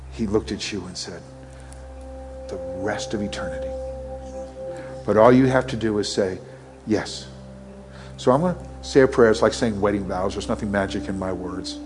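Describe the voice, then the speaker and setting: A middle-aged man preaching a sermon in earnest, leading a prayer and acting out Bible scenes. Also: fairly low pitch. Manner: earnest, acts out Bible scenes in quick voices. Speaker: pastor. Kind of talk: sermon with altar call and prayer.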